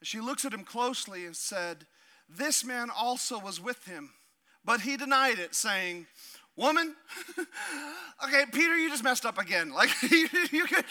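A pastor with a strikingly high, bright, forceful voice reads scripture aloud during his sermon, then breaks into animated, humorous asides.

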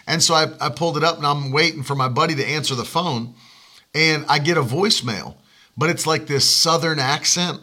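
A man, a pastor, telling a personal story in casual chat and laughing as he talks. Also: a little high. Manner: animated storyteller, laughs while talking.

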